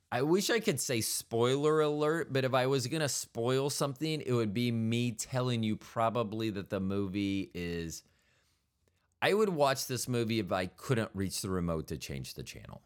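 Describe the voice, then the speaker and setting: A male podcast host talking in a rambling, casual monologue, wry and prone to correcting himself mid-sentence. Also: medium pitch. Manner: meandering, self-correcting, wry.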